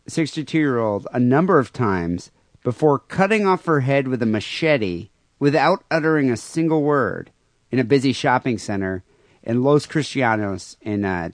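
A male podcast host with a middle-pitched voice, talking loosely and crudely and stopping often on "uh." The sound is dry and close to the mic. It is casual chat between friends. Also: dry recording. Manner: rambling, many fillers, crude humor. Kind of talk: casual podcast chat, reading listener mail.

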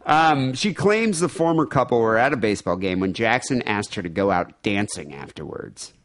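A man's voice: on the low side, animated, normal speed, fairly bright tone, no echo. A man co-hosting a podcast, chatting casually and joking, acting out voices now and then. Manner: quips and acts out quoted voices. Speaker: podcast co-host. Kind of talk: casual comedic chat.

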